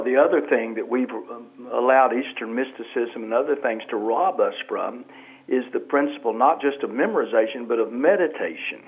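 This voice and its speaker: An earnest, preacherly man speaks as a radio guest. His mid-range voice comes through a thin, tinny phone line, reflective and measured. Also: medium pitch. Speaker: guest author and pastor.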